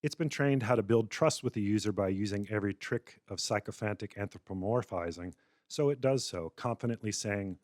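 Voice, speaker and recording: Low-voiced man giving a wry lecture. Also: a little fast, a little mellow, dry recording, clean studio sound. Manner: wry, satirical narration. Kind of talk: public lecture, storytelling argument.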